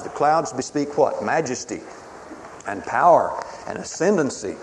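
Male preacher, sermon, emphatic and dramatic, mid pitch, long hall reverb. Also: lively intonation, unhurried. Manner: dramatic, emphatic, shifts between booming and hushed. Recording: reverberant hall with faint ambient noise.

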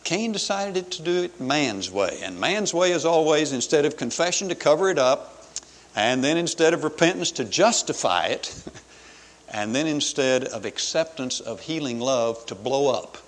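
A man preaching a sermon in an earnest, measured way, with pauses between phrases. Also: on the high side, animated. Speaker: pastor. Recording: long hall reverb.

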